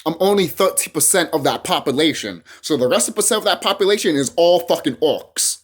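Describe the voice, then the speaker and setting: Young guy from el salvador rambling at the camera, swears a lot, keeps restarting, kinda high voice. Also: animated, a little fast. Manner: rambling, emphatic, profane, with restarts. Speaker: vlogger. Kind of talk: casual monologue to camera.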